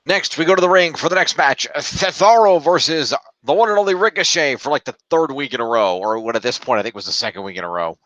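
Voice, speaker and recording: A man's voice: on the high side, lively intonation, fast talker, few pauses, fairly bright tone, no room sound. A man co-hosting a casual podcast, rambling and tallying up points as he talks. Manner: rambling, counts points aloud, trails off while looking things up. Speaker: podcast co-host scoring a fantasy league. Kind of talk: casual chat.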